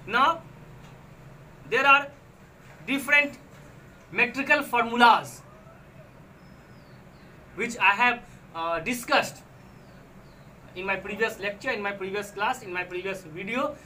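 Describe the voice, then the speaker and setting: A man with an Indian English accent delivers a recorded lecture in a very high, piercing voice. He explains patiently and restates his points, with the mic set well away from him. Faint ambient noise sits behind him. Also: takes it slowly, long pauses, pushed and bright, recorded from a distance.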